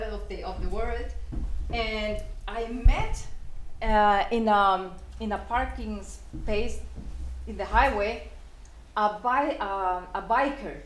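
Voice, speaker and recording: A woman from El Salvador, serving as ambassador, telling a relaxed personal story at a forum. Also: a little high. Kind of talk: anecdotal speech at a forum. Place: conference hall. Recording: roomy hall sound.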